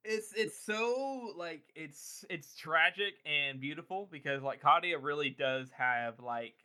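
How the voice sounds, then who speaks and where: Podcast co-host, male, bright tone, earnest and loose, fond of fillers. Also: on the high side, measured pace, clean tone. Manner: earnest, rambling, with many "like" fillers. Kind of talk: casual book discussion.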